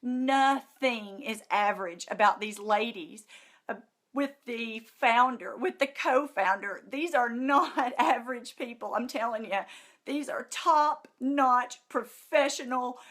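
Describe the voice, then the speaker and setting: A woman's voice: high voice, slow pace, fairly bright tone. Gushing woman, close to tears. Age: middle-aged. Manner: gushing, emphatic and repetitive. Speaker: vlogger. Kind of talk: emotional testimonial to camera.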